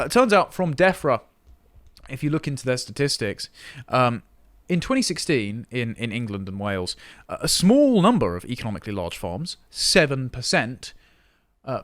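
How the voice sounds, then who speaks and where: A man's voice: mid-range voice, no echo. A man giving political commentary in a podcast, sardonic and reading long quotes aloud.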